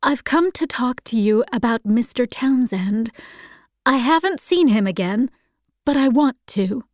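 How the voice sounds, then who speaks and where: A woman voicing a shy, earnest young woman, speaking quietly and sometimes near a whisper. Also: fairly high pitch, lively intonation, a little slow, no room sound, studio quality, pitched above the performer's own voice.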